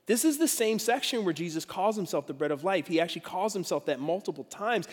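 High-voiced middle-aged pastor preaching. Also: male voice, brisk, few pauses, husky. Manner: animated storytelling with self-deprecating humor. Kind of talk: sermon. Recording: long reverb of a big hall.

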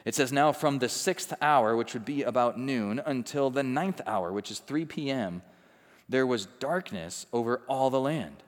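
A man preaching a sermon, swinging from loud intensity to hushed quiet and acting out the people he quotes. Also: mid-range voice, animated, a little slow, long reverb tail. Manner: acts out quoted people in conversational asides. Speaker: pastor.

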